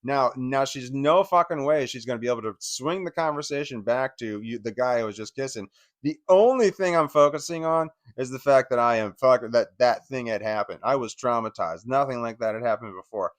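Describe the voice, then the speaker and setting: A channel host, a man with a medium-pitched voice, rambles emotionally through a painful story from his own past, swearing and filling it with lots of fillers. He talks briskly, and the recording has no echo.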